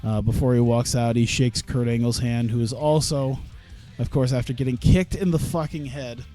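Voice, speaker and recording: A man's voice: mid-range voice, steady tone, moderate pace, dark tone, faint music behind. Profane, laughing male game streamer. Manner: profane, laughing, rambling commentary. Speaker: streamer playing a wrestling management game. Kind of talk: casual let's-play commentary.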